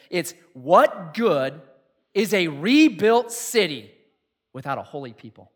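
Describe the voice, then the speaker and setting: A middle-aged man preaching a sermon in a jokey, animated way, acting out quotes. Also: high voice. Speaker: pastor.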